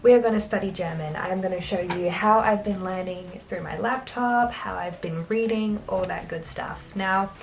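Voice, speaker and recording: A woman's voice: medium pitch, moderate pace, gravelly, hardly any pauses, faint music behind. A young Australian woman vlogging in a casual, chatty, self-deprecating way, laughing often. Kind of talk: casual chat to camera.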